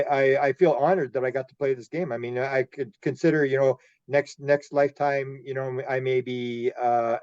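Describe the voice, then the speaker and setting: A man from Canada, a UFO investigator being interviewed, telling animated stories, laughing often and acting out quotes. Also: mid-range voice, no room sound, dull audio. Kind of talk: casual interview storytelling.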